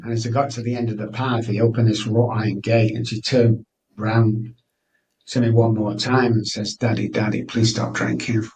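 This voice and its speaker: A man's voice: lowish voice, little pitch movement, moderate pace, darkish tone, a little hiss or hum. Middle-aged guy telling his story, earnest, kinda far from the mic. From Manchester, England. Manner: earnest, candid, frequent restarts. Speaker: guest. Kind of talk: personal storytelling interview.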